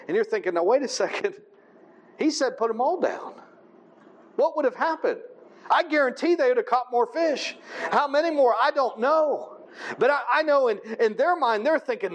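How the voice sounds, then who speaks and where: A man with a strikingly high voice preaches a sermon at a moderate, expressive pace. He reads scripture aloud and then unpacks it in plain, conversational language, frequently pausing to ask his listeners "right?"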